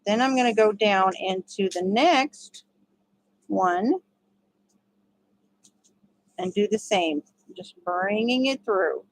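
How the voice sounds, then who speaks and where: A woman's voice: mid-range voice, slow, pauses often, poor audio. A woman giving a casual step-by-step crochet tutorial, chatty and laughing often. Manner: chatty, laughs often, talks to her dogs.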